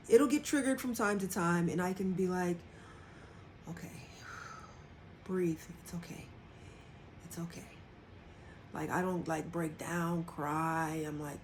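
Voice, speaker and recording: A livestream host with a fairly low pitch and fairly bright tone talks through a little hiss or hum. In a casual personal reflection, she shares her experience candidly and dramatizes quoted exchanges in altered voices.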